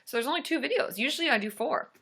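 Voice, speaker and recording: A woman's voice: high voice, expressive, rapid-fire, a bit bright. A young woman therapist hosting a live-stream Q&A, chatty and bubbly, greeting viewers by name and answering their questions.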